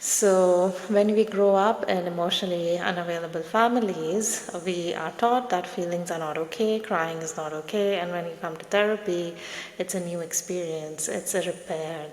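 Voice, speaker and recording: A woman psychotherapist giving a gentle, soothing reflective talk in short measured phrases. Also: lowish voice, steady tone, echoey room, in a large hall. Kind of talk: reflective therapy talk to camera.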